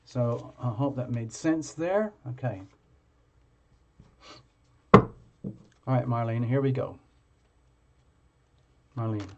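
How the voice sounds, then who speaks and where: A man of middle pitch hosts a live tarot stream in casual, rambling chat, stopping and restarting his sentences often. The sound is a little dull and muffled, like ordinary live-stream audio. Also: expressive, noisy background. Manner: chatty, halting, many fillers and restarts.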